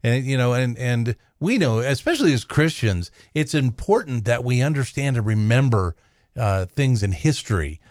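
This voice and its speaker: A man's voice: mid-range voice, lively intonation, moderate pace, a little mellow, no room sound. A man hosting a live radio show from a studio, talking loosely with lots of uhs. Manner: loose, filler-heavy talk with many uhs. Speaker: radio host.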